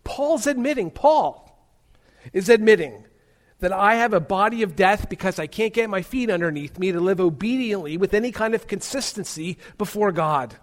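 A man preaching a sermon as pastor, emphatic, swinging between loud stressed words and hushed low ones. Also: animated, normal speed.

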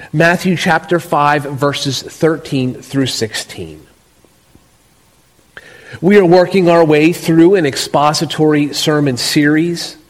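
A man preaching an expository sermon, measured and emphatic, with slow deliberate stresses. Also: on the high side. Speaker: pastor. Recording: long reverb of a large hall.

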